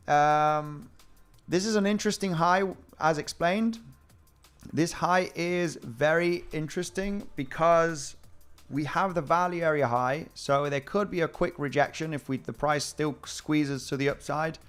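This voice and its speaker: A man's voice: on the high side, a bit bright, clear, resonant tone. Chatty man giving crypto market commentary. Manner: chatty, calls viewers guys, repeats words. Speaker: crypto trading streamer. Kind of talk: casual live-stream market commentary.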